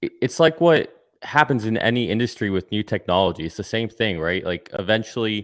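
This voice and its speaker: Male panelist, low, dry, insistent opinion talk. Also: a little fast, no room sound. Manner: emphatic, repeats "right?". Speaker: livestream panelist. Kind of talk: casual opinion chat.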